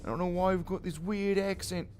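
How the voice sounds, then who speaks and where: A man voicing a shouty Australian man who yells out his window at the neighbors, loud and indignant, with an Australian accent. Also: sits high, fairly even intonation, a little fast, voice pushed up, close to an everyday voice. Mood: indignant yelling.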